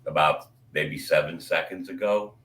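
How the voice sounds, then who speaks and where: A man's voice: very deep voice, moderate pace, fairly bright tone. A man co-hosting a casual live stream about music, talking in a joking, blunt way. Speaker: stream co-host reacting to music.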